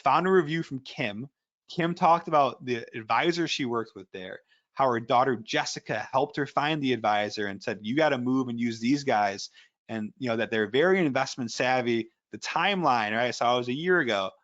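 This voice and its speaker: A man's voice: medium pitch, animated, normal speed, a bit bright, muffled recording. A man giving a casual webinar presentation as an ethical hacker, rambling through anecdotes with lots of fillers.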